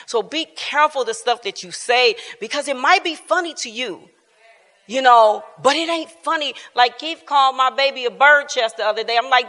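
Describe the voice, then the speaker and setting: A woman's voice: high-pitched, bright, forceful tone. A woman in her fifties leading a church Bible class, telling personal family stories in an earnest, informal way and laughing often. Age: 50s. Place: church hall. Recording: reverberant church hall.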